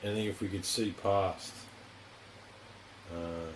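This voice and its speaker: A low-pitched Australian podcast host takes it slowly, with fairly even intonation, in a casual studio interview. He's rambling and frank, swearing heavily and repeating "you know" constantly. Background noise is present.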